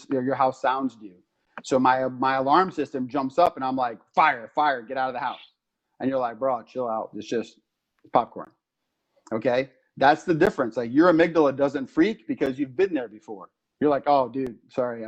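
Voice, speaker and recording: A man on a podcast explaining anxiety in a casual, animated way, acting out little stories as he goes. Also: mid-range voice, lo-fi sound. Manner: animated storytelling with acted-out quotes. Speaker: podcast co-host explaining psychology.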